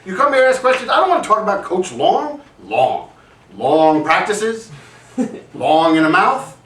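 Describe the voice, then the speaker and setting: A man's voice: sits high, big pitch swings, measured pace, fairly bright tone, a little hiss or hum, exaggerated voice. An amateur actor playing a brash, vain male football receiver who rambles defensively and swears. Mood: ranting. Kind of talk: amateur spoof acting. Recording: echoey room, distant mic.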